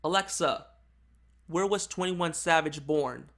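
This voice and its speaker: Gravelly man rambling on camera. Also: on the high side, measured pace, a bit bright. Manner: rambling, hesitant, many fillers and restarts. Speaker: YouTube commentator. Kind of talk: casual video commentary.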